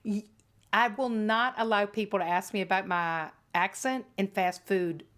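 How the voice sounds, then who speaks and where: A woman hosting a podcast, chatting with animated, enthusiastic reactions. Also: medium pitch, normal speed. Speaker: podcast host. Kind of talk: casual interview chat.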